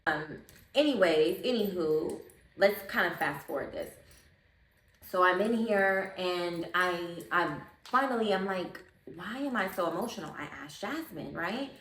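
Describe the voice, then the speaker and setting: Woman vlogger, lowish voice, expressive and chatty, a bit off mic in an echoey room. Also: measured pace, recorded from a distance, slight background noise. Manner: chatty, expressive, calls listener baby. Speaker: spiritual vlogger. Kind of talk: casual storytelling to camera.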